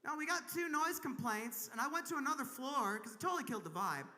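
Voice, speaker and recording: A woman's voice: high-pitched, very animated, quick pace, bright, forceful tone. A woman from Kentucky doing a crude, self-mocking stand-up comedy set on a convention main stage, laughing at her own jokes. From Kentucky, USA.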